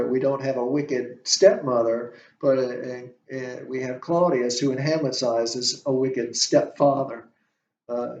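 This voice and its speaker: A male instructor lecturing on a play, talking haltingly with many fillers and restarts. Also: medium pitch, gravelly, darkish tone. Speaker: literature instructor. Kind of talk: classroom lecture. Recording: echoey room, distant mic, dull sound.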